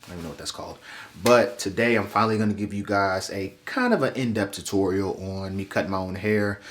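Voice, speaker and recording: A man's voice: sits low, fast talker, a little hiss or hum. A young man with a stuffy, congested voice, chatting casually to his viewers while giving a haircut tutorial in his bathroom. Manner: relaxed, chatty, addresses viewers directly. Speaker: vlogger. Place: small bathroom, indoors.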